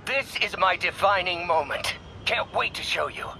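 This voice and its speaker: An eager, pushy older scientist with a high, bright, gravelly voice that jumps all over the place. He sounds insistent and excited in a game's dialogue. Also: moderate pace, a little hiss or hum, heavily acted. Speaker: doctor, scientist.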